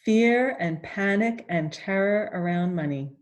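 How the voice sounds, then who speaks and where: A woman coaching a guided tapping session. She speaks gently, repeats phrases in the first person, and pauses for sighs and deep breaths. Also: animated.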